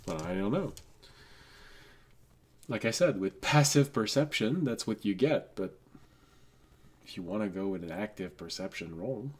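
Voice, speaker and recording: A man's voice: fairly low pitch, animated, unhurried, long pauses, slightly rough. A man with a sick voice, running a tabletop game as game master. He narrates the scene unhurriedly and laughs often at the players' jokes.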